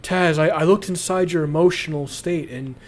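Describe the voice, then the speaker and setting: A man mockingly mimicking an overly sensitive young man in a soft, sing-song, prying voice. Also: a little high, normal speed, slight background noise, pitched above the performer's own voice, close to an everyday voice.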